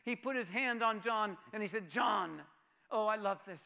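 A man preaching a sermon who swings from loud proclamation to a hushed near-whisper, repeating phrases and asking his hearers questions. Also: high voice, moderate pace, vocal fry, highs cut off. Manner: repeats phrases for emphasis and asks the audience questions.

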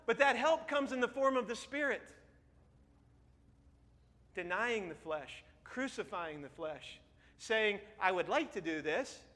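Male pastor, 30s, bright and tense tone, long church reverb. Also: high voice, animated, a little slow, pauses often. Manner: earnest, drops to a hush then rises emphatic. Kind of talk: sermon. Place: church sanctuary. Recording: long reverb of a large hall.

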